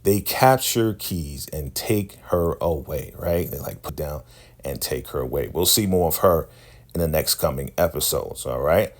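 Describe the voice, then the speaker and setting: A man casually recapping a TV episode in a slangy, animated way, often checking in with "right?". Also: extremely low pitch, measured pace. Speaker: show recap host.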